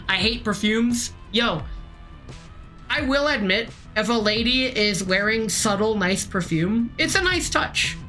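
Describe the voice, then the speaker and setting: A tipsy woman streaming a game, reading its text aloud and rambling off on tangents in an excitable, profane way. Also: a little high, slow pace, soft background music. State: tipsy from drinking.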